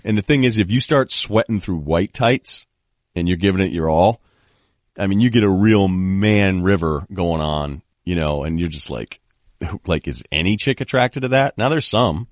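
Speaking at a normal speed in a low voice, a man hosts a laid-back sports podcast, animatedly relating stories and performing the voices of the people in them. The studio sound is clean, with no echo.

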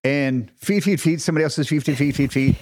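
A man co-hosting a casual podcast, an actor telling animated, self-deprecating stories about a film shoot. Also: fairly high pitch, fairly quick, no room sound.

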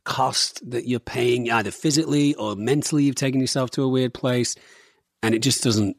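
A man in his forties, born in Germany to English parents, chatting casually as a podcast guest and telling animated stories with plenty of swearing. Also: medium pitch, normal speed, gravelly, no echo, clean studio sound. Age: 40s. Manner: swears freely, animated storytelling with voiced asides. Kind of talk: casual chat.

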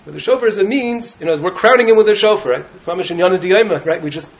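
A man giving an animated Torah talk as a rabbi in a study hall, often asking "right?" to his listeners. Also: high voice, racing, dull audio. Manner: animated, keeps checking in with "right?". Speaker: rabbi teaching in a yeshiva.

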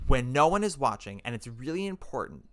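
A man's voice: medium pitch, brisk. A man hosting a podcast, telling stories with enthusiasm and acting out quotes in casual chat. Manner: animated, enthusiastic storytelling with acted-out quotes. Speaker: podcast host.

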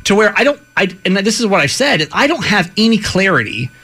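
A man's voice: high-pitched, sing-song, brisk, bright, forceful tone, slightly rough. A man asking a psychic about his relationship, uncertain and searching for words. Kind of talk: asking for a reading.

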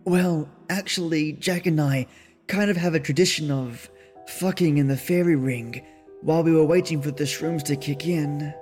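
A man voicing a carefree, playful young woman who talks in a high, insistent, girlish way. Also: animated, normal speed, darkish tone, soft background music, lightly acted. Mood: sheepish.

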